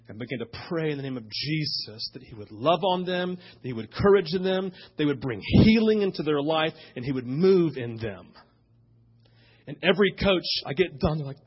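A middle-aged pastor, preaching and telling a story, swinging between loud punches and hushed moments. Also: male voice, on the high side, slightly rough, dull audio. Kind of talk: sermon.

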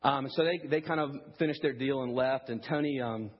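A man with a husky, slightly breathy voice gives a sermon as if chatting with friends, loose and full of "like" and "um". The recording sounds dull and lo-fi. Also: medium pitch, brisk. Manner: casual, conversational preaching with many fillers. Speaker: pastor. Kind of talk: sermon with storytelling.

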